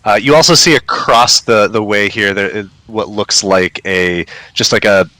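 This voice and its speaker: A man's voice: lowish voice, normal speed, sharp tone, no room sound. A man narrating a tabletop game as the game master, with lots of hesitant fillers. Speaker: dungeon master.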